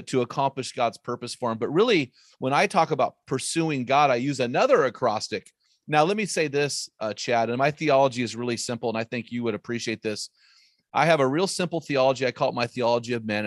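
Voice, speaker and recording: A man's voice: medium pitch, dry recording, clean studio sound. Emphatic man telling faith stories. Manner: energetic, emphatic, quick bursts and repeated phrases. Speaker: guest author and speaker. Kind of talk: emphatic faith-based storytelling.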